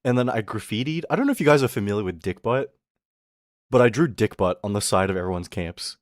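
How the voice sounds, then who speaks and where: Speaking quickly in a lowish, animated voice, a streamer rants through a story, exasperated, cursing constantly and often laughing. The studio audio is clean with no room sound.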